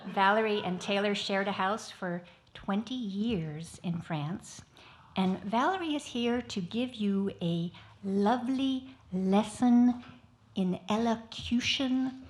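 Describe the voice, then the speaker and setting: A woman's voice: mid-range voice, takes it slowly. Chatty woman host telling a story. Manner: rambling, many fillers and restarts. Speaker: event organizer and host. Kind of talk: casual anecdote at a live event. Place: small performance venue.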